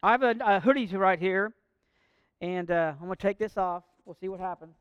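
A man's voice: high-pitched, normal speed, smooth, dry recording, lo-fi sound. A man preaching a sermon, earnest and direct, mixing light jokes with a call to faith. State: out of breath. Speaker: pastor.

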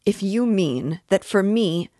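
A woman reading aloud and voicing a pompous, self-righteous middle-aged man who talks down to others and turns shrill when accused. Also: expressive, slow, mellow, dry recording, studio quality. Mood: indignant. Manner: condescending, wordy, later shrill and indignant.

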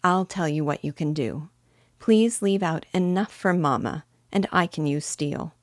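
A woman's voice: low voice, unhurried, no echo, clean studio sound. A woman voicing an earnest, polite little girl who speaks primly. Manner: prim and polite.

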